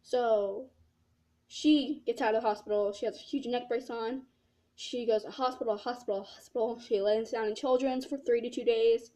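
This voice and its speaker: A woman's voice: fairly high pitch, fairly even intonation, moderate pace, mellow. A teenage girl telling a casual story-time vlog, rambling and saying "like" a lot. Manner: rambling, filled with "like". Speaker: vlogger.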